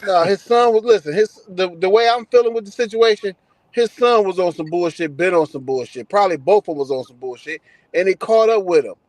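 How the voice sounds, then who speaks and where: A man's voice: high voice, expressive, brisk, a little mellow. A man in a casual group debate, blunt and emphatic, repeating himself to hold the floor.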